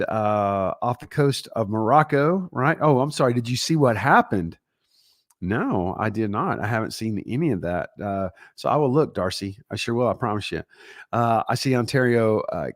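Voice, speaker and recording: A man's voice: medium pitch, dry recording. Middle-aged man, Texan accent, pastor, casual livestream chat, rambling and upbeat, dry close sound. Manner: energetic, rambling, greets viewers by name. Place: home.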